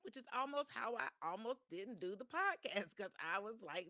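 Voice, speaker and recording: A woman's voice: fairly high pitch, big pitch swings, moderate pace, sharp tone, no room sound. A woman hosts a motivational live-stream podcast. She talks chattily, circles back on her phrases and restarts often. Her voice sounds dry and close, with little room sound. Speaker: podcast host.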